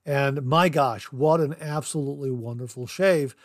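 A man's voice: mid-range voice, moderate pace, dry recording, studio quality. A man hosting a podcast, reviewing a product in casual, enthusiastic chat and often repeating words for emphasis. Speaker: podcast host.

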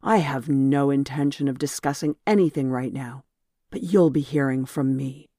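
Brief: a reader doing a calm, authoritative hero in a storybook, quiet and low, dry sound. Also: moderate pace, no echo, lightly acted. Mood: stern. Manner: soft-spoken, low and firm. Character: protective commanding young male leader.

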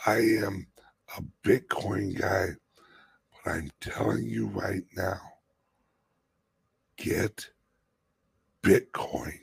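In an impassioned vlog rant, the host of a crypto channel speaks urgently, dropping to hushed whispers and rising to shouts while swearing freely for emphasis. His voice is fairly low, creaky and husky, with no room sound.

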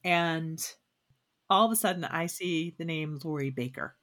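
A woman's voice: low-pitched, a little slow, a bit bright. A woman co-hosting a podcast in casual chat, leading the conversation with questions. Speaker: podcast co-host.

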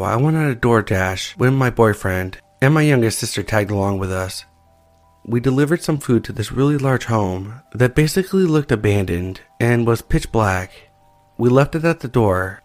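A man calmly reading listener-sent creepy stories aloud, as the show's narrator. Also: medium pitch, normal speed, no room sound. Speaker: horror story narrator. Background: soft background music.

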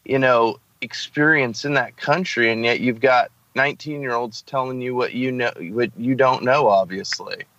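A man hosting a casual podcast, talking in an animated, rambling way with many fillers. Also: medium pitch, normal speed, hardly any pauses, no echo, highs cut off.

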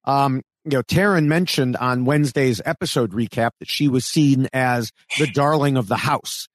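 A man co-hosting a podcast, chatting casually and growing animated when he quotes other people. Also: medium pitch, normal speed, dry recording. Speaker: podcast co-host.

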